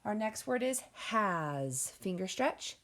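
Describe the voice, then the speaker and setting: A woman teaching a phonics lesson to young children, sounding out words slowly and clearly and encouraging the class. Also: mid-range voice, very animated, a bit bright. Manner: encouraging, addresses class as friends.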